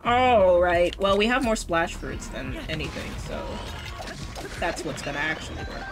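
A woman's voice: lowish voice, expressive, moderate pace. A woman streaming a video game, chatting casually and swinging between mock panic, swearing and sarcastic cheer. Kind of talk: casual gameplay commentary. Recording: game music behind the voice.

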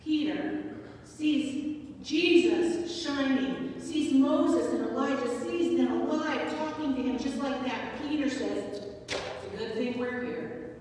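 A woman's voice: sits high, slow pace, darkish tone, slight background noise. A woman in her forties preaching a sermon in a church, telling stories in a conversational way and asking the congregation questions. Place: church sanctuary. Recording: echoey church hall from far off.

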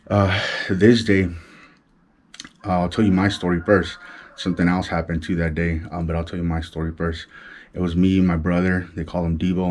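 A middle-aged vlogger from Los Angeles with a Chicano LA accent tells a street story in casual slang, his voice sitting low with a darkish tone. He imitates gunshots with his mouth and keeps quiet so he won't wake his wife.

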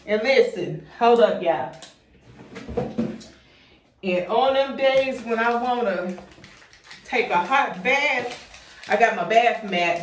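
A woman's voice: mid-range voice, reverberant, distant mic, slight background noise. A young woman vlogging, chatty and effusive, a little out of breath as she talks to her viewers. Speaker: home organization vlogger. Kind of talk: casual vlog chat. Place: bathroom.

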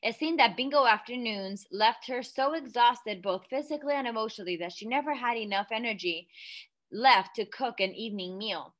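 A woman reading a children's storybook aloud in an expressive, lively way. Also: on the high side, normal speed. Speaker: storybook reader.

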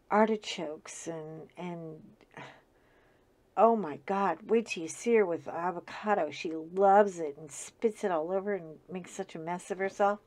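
A woman's voice: fairly low pitch, a little mellow. A woman host telling a story in a casual chat, chatty and often laughing.

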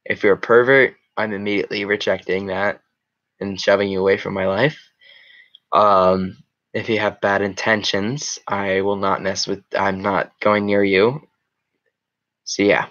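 A man's voice: lowish voice, level tone, normal speed, fairly bright tone, muffled recording. A man with a slight Australian accent, chatting casually as a YouTuber and answering viewer questions in a rambling, hesitant way. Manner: rambling and hesitant, with many ums and restarts.

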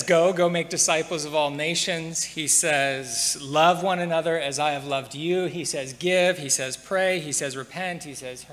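A man preaching a sermon as pastor, measured and repeating key words for emphasis. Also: a little high, a bit bright. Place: church sanctuary. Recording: long hall reverb.

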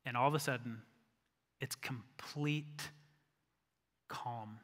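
A male pastor preaching a sermon, telling the story with animated acted-out voices and dropping to a hushed voice for emphasis. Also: medium pitch, slow. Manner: animated storytelling, acts out disciples, drops to a hush for emphasis. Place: church sanctuary. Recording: church hall reverb.

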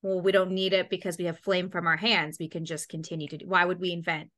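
Woman, casual chat, rambling, swears freely, acts out quoted lines, bright tone. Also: fairly low pitch, flat delivery, fast talker.

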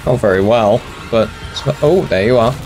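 Over music, a young gaming channel host talks at normal speed and medium pitch. He chats casually while playing, mocking himself and swearing in his let's play commentary.

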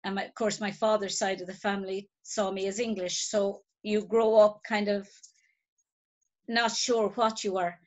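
A woman's voice: medium pitch, little pitch movement, moderate pace. A woman hosting an interview over a video call, chatty and telling anecdotes. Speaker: host.

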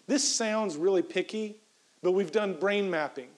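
A man, a professor, giving an energetic motivational keynote talk, repeating key phrases for emphasis and coaching the audience through a breathing exercise. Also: high-pitched, measured pace, low-quality recording.

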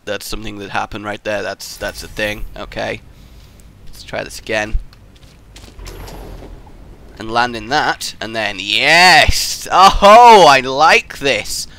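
A young man giving excitable, jokey let's play commentary as he plays through puzzle maps, yelping and shouting when he fails. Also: on the low side, unhurried, vocal fry, long pauses, a little hiss or hum. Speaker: gaming YouTuber.

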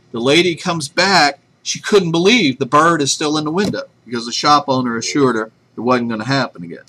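A man with a mid-range, fairly bright voice teaches a math class, chatty and self-deprecating, and cracks a joke before starting the lesson. He is recorded on a webcam microphone, with faint room noise in the background.

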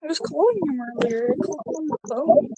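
A young woman chatting casually while gaming, playful and quick to protest. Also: extremely high pitch, very animated, dark tone, low-quality recording. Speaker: gamer. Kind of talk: casual chat while playing.

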